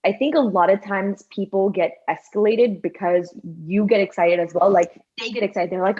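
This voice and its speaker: A woman's voice: medium pitch, normal speed, hardly any pauses, a little mellow, breathy edge, highs cut off. A woman co-hosting a podcast in a chatty way, saying "like" often and acting out quoted reactions. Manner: chatty, says "like" a lot, acts out quotes. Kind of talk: casual chat.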